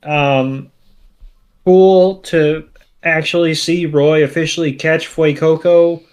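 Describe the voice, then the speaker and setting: A man's voice: a little high, steady tone, slow, darkish tone, smooth. A man co-hosting a podcast, chatting casually with wry, joking remarks. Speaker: podcast co-host. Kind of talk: casual chat.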